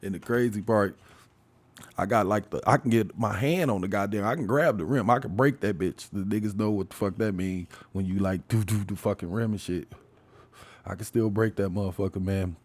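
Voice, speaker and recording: A man's voice: lowish voice, brisk. Profane, laughing man in his forties. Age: 40s. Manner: profane, animated storytelling with frequent laughs. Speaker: podcast host. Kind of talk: casual solo podcast monologue.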